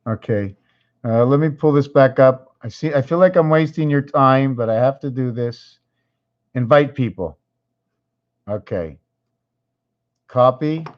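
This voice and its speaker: Losing his voice, a man hosting his own casual video talks at a measured pace and medium pitch with long pauses. He's distracted, thinks aloud, and repeats himself while clicking around, all captured in a dull lo-fi recording.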